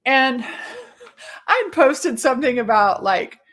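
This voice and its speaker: A woman from Texas, telling a personal story in a casual monologue, animated and swearing freely. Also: sits high, slow pace. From Texas, USA. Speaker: podcast host.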